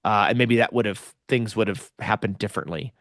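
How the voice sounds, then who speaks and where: A man's voice: fairly low pitch, a little fast, a bit bright, no room sound, studio quality. A man co-hosting a podcast in casual chat. He is reflective and often repeats a word as he starts a sentence. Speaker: podcast co-host.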